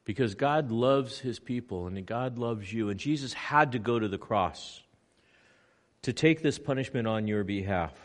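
A pastor delivers a sermon on location in a mid-range voice, slow and emphatic, swinging between loud passages and hushed ones.

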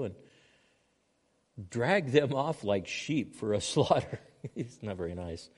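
Animated male pastor preaching a sermon. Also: medium pitch, takes it slowly, long pauses. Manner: animated preaching, swinging from loud to hushed.

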